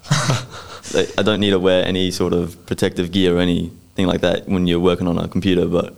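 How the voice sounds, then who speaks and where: A man's voice: sits low, monotone, normal speed, vocal fry. A teenage man, an IT student giving short, hesitant answers on a podcast. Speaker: IT student guest.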